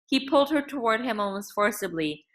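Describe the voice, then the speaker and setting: Woman, audiobook narrator, measured dramatic reading, bright clear tone. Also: a little high, expressive. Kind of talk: scripted novel narration.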